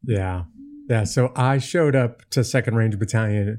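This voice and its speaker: A man's voice: lowish voice, moderate pace, darkish tone. A man hosting an interview podcast, a former Army Ranger who talks in a conversational way and explains terms for his listeners.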